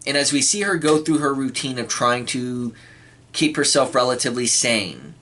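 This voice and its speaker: A man giving a casual spoken film review, clearing his throat often and acting out quoted lines. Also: mid-range voice, animated, normal speed, sharp tone, a little hiss or hum. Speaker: movie reviewer.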